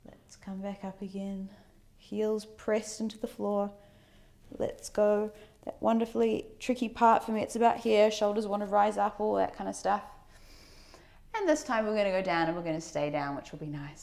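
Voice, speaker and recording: A woman fitness instructor leading a workout, giving calm breathing and movement cues with chatty asides. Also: medium pitch, creaky.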